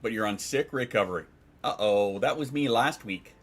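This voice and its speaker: A man with a lowish voice talks loosely to his livestream chat at a normal speed. Answering viewers, he rambles, curses freely, and keeps restarting his sentences.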